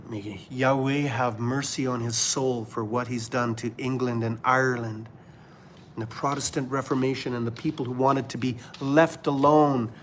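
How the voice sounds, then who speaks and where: A man from Canada hosting a livestream of religious commentary, preaching fervently and then dropping to a hushed murmur. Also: mid-range voice, steady tone, moderate pace, slight background noise. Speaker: livestream host.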